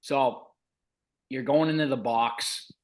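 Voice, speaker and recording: A man's voice: medium pitch, fairly even intonation, slow pace. A man from New England hosting a casual podcast, easygoing and swearing freely. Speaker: podcast host.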